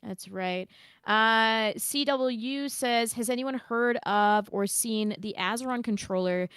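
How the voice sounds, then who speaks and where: A woman's voice: on the high side, slow, fairly bright tone, clean tone, no room sound, studio quality. A young Canadian woman co-hosting a gaming podcast, reading out stream chat in a casual, chatty way and swearing freely. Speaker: podcast co-host.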